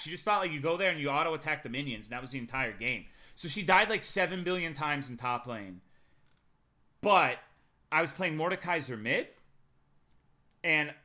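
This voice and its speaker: A man streaming live, recounting an awkward past episode in a loose, swear-heavy ramble. His voice sits a little high and rings sharp and bright. He jumps from loud outbursts back down to low asides. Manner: profane, rambling anecdote with big swings in loudness. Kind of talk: casual storytelling to a live chat.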